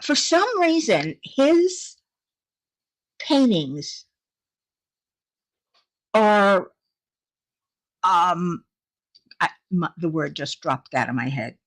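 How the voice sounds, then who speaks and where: Woman, livestream host, unhurried and chatty, bouncy lively pitch, frequent laughs. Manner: chatty, laughing often, reading out viewer comments. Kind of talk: casual livestream chat with viewers.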